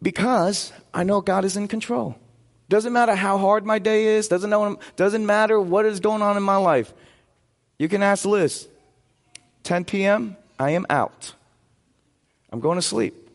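Man, pastor, sermon, fairly high voice, joking asides, church sanctuary, long reverb. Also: unhurried, pauses often. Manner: conversational, joking asides to the congregation.

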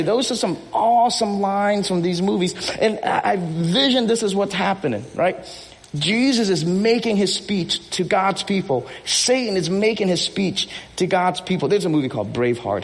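A man preaching a sermon from the pulpit, animated and joking with his congregation. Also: high-pitched, moderate pace, in a large hall. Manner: animated, energetic, acts out movie speeches with rising intensity; jokes with the congregation and repeats himself. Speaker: pastor. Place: church hall.

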